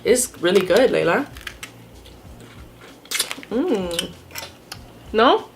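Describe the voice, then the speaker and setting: A woman's voice: mid-range voice, sing-song, extremely slow, creaky, a little hiss or hum. Playful woman hosting a mukbang vlog. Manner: playful, teasing, coaxing a young child. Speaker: mukbang channel host. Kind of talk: casual mukbang vlog chat.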